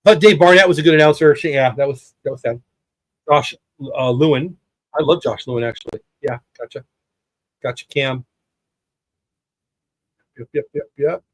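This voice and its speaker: A man's voice: a little high, normal speed, long pauses, no echo, low-quality recording. A man in his fifties hosting a livestream watch party, chatting casually and rambling between the game and viewer comments. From United States. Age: 50s. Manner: rambling, chatty, reads chat aloud. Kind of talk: casual live baseball commentary.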